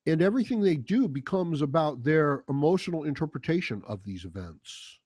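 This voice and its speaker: A man's voice: fairly high pitch, sing-song, brisk, darkish tone, no echo, clean studio sound. A man hosting a heated, profane commentary monologue, mocking the voices he quotes. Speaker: political commentary host. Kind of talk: casual monologue.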